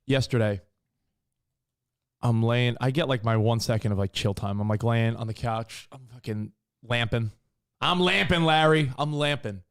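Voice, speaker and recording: A man in his thirties, co-hosting a casual podcast and telling stories in an animated way, swearing casually. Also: mid-range voice, moderate pace, clean tone. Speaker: co-host.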